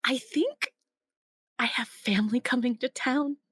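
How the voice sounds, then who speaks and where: A woman's voice: high voice, unhurried, fairly bright tone, breathy edge, dry recording, clean studio sound. A woman playing a tabletop role-playing game, candid and playful, often laughing. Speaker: player.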